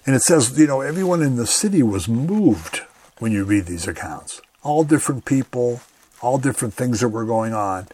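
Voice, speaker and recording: A man's voice: medium pitch, expressive, normal speed, dark tone, husky. A man giving a radio Bible teaching in an earnest, conversational way, often saying "you know".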